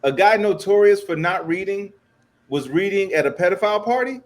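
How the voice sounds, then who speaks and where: A man's voice: sits high, fairly quick. A man co-hosting a comedy politics podcast, ranting in exasperation. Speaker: podcast co-host.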